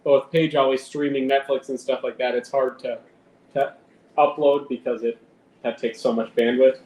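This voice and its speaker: A man's voice: medium pitch, level tone, normal speed, a little mellow. A man rambling casually on a live stream at home, swearing now and then and talking to his cat. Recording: roomy with faint background noise.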